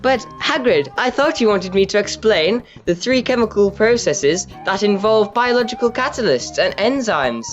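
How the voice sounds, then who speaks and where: A man's voice: high voice, animated, moderate pace, few pauses. A man voicing a meek, polite schoolboy. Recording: dull lo-fi audio with faint music.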